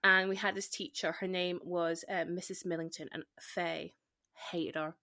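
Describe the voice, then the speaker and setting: A woman's voice: fairly low pitch, steady tone, normal speed, bright, forceful tone. A woman with a light Scottish accent hosting a casual podcast chat, chatty with lots of fillers and frequent laughs. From Scotland. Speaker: podcast host. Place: home.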